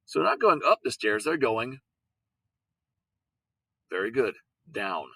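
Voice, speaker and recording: A man teaching a lesson at an unhurried pace, repeating words and breaking them into sounds. His voice is bright and forward. The recording is dry and close. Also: medium pitch, big pitch swings, gravelly, breathy edge, no room sound, rough recording. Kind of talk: recorded classroom lesson on syllables.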